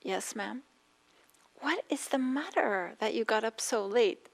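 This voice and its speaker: A woman's voice: a little high, animated, slow pace, creaky, voice pushed up, full character voice. A woman putting on the voice of an exasperated mistress of a household, scolding her maid. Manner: sharp, exasperated calling out.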